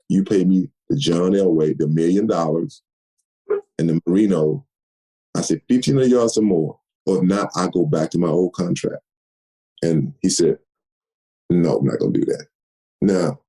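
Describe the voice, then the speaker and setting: Deep animated man telling stories. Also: vocal fry, poor audio. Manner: animated storyteller, acts out quoted dialogue. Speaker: guest, retired football player. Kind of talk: storytelling interview.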